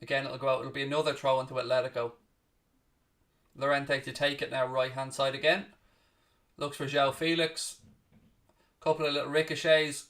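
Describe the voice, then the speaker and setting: Recorded from afar, a man speaks in a mid-range, slightly bright voice with flat delivery. He's hosting a live football watchalong, rattling off each pass in rapid play-by-play, swearing freely and bluntly snapping at chat.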